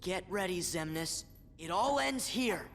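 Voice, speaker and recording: A man's voice: high-pitched, expressive, unhurried, fairly bright tone, a little hiss or hum, full character voice. An actor voicing a determined young hero boy in a game, eager and defiant.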